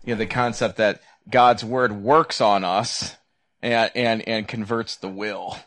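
A Lutheran man in a casual theological discussion, speaking hesitantly with many pauses and fillers. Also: on the low side, steady tone, fairly bright tone. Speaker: Lutheran pastor.

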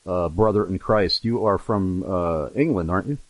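A man's voice: low voice, moderate pace, no echo, low-quality recording. A man hosting an interview, chatty and announcer-like when reading out details. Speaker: interview host.

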